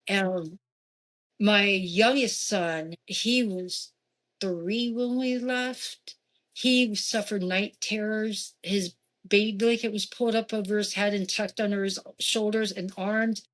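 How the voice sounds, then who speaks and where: Woman telling a ghost story. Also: takes it slowly. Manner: animated, jumping in pitch for quoted voices. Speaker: guest. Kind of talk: casual storytelling.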